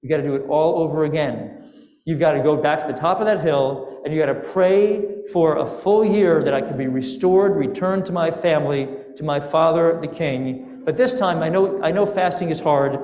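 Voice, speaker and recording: A man's voice: on the high side, moderate pace, a little mellow, close to an everyday voice. Upset young princess, firm and bossy, rabbi doing her lines, big echoey room. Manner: pleading then firmly instructing. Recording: echoey sanctuary with long reverb.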